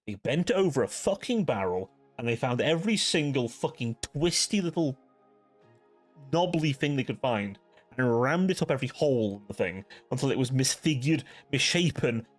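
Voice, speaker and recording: A man hosting a livestream, chatting casually with viewers in a rambling, profane way, filling his talk with "like". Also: mid-range voice. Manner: rambling, profane, ranting, heavy use of "like". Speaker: livestream host.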